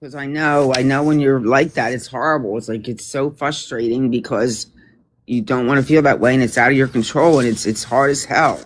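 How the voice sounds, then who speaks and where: A woman's voice: rumbling low, normal speed. Soothing, reassuring woman friend. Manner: soothing, reassuring, steady talker. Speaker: friend joining the stream. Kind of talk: casual supportive chat. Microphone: joined remotely on the stream.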